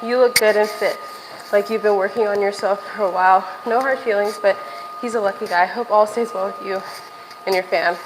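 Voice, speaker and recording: A woman's voice: mid-range voice, steady tone, a little fast, in a large hall, noisy background. A young woman livestreaming from a gym while walking on a stair machine, chatting casually to viewers, a little out of breath and swearing now and then.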